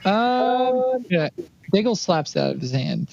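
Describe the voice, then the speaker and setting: A man playing a tabletop game, loud and profane with animated delivery. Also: high voice, measured pace. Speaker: player. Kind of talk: tabletop role-play chat. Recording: dull lo-fi mic.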